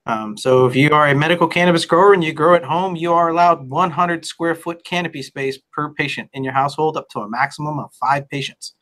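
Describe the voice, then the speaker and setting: A man guests on a podcast in a bright, slightly high voice. He explains rules calmly and in a measured way, with a few fillers. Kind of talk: casual explanation.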